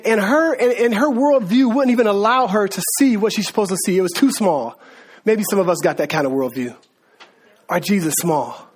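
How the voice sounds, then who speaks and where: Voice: medium pitch, darkish tone, husky. A preacher delivering a sermon in casual, slangy talk, repeating words and laughing as asides.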